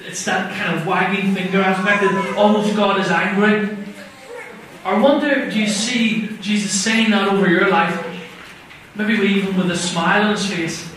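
High-voiced preacher in an echoey hall. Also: male voice, steady tone, normal speed, crowd noise. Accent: non-American. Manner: conversational, asks the audience questions. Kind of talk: sermon. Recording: very echoey room, voice from far off.

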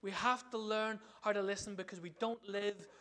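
A man preaching a sermon in an animated way, often asking the congregation questions. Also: sits high, moderate pace.

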